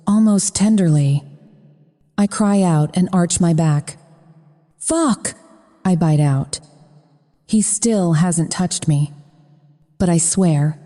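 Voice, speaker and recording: A woman's voice: fairly low pitch, mellow. A woman narrating a first-person romance audiobook in a frank, profane manner. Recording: long reverb.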